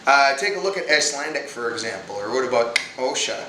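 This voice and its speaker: Male video host, casual and jokey, with a bright, lively voice, in an echoey room with faint noise behind. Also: medium pitch, brisk. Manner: animated, chatty, full of fillers and jokes. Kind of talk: casual explainer to camera.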